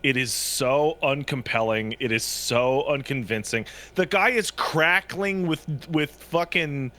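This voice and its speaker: A man co-hosting a podcast in casual chat, making quick, joking interjections. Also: mid-range voice, sharp tone. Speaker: podcast co-host.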